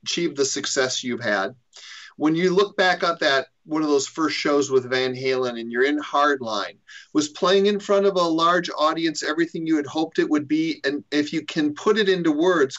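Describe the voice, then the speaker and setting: A man's voice: a little high, normal speed, fairly bright tone, lo-fi sound. A man co-hosting a podcast, politely asking long questions. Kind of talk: casual interview.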